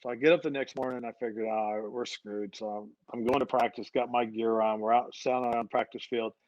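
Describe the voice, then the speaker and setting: A man's voice: mid-range voice, fast talker, dry recording, dull audio. A middle-aged man, a football head coach guesting on a podcast, telling stories in a chatty way and often repeating his opening words. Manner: repeats words when starting sentences, animated when telling stories. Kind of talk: conversational storytelling.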